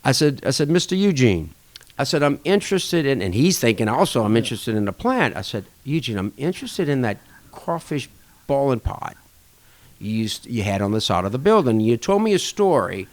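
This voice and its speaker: A man who chairs a restaurant association is a guest on a podcast, telling a lively story in a casual interview. He speaks at a moderate pace and acts out the dialogue, shifting his pitch for each voice.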